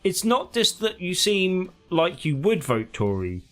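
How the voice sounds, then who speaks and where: A man's voice: sits high, sing-song, unhurried, a bit bright, faint music behind. A man co-hosting a podcast, chiming in with teasing, wry remarks. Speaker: podcast co-host. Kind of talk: casual banter.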